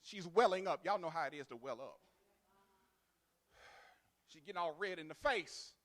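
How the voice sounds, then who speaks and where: A male pastor a sermon. He swings from loud, sung, rhythmic to quiet, chatty storytelling. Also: fairly high pitch, animated, moderate pace. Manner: builds to loud, sung preaching cadence, then drops to quiet storytelling.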